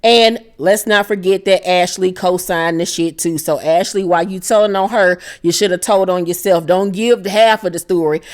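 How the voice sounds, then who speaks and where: A woman's voice: fairly low pitch, moderate pace, hardly any pauses, a little mellow. A woman hosting a casual recap of a reality TV episode, blunt and profane, with dramatic asides and frequent laughter. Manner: laughs often while retelling scenes.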